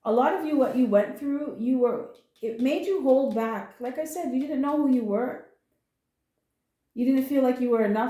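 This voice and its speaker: A woman reads tarot in a casual, earnest way, comforting her listeners and using blunt slang. Her voice is fairly high but mellow. The room around her sounds echoey. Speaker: tarot reader. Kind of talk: casual spoken tarot reading.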